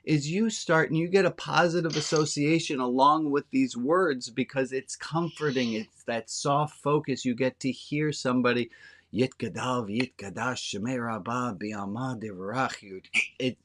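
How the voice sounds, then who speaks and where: A man's voice: mid-range voice, moderate pace, a little hiss or hum. A man speaking as a rabbi, giving a frank, plainspoken, conversational sermon to his congregation. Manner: talks directly to a small congregation.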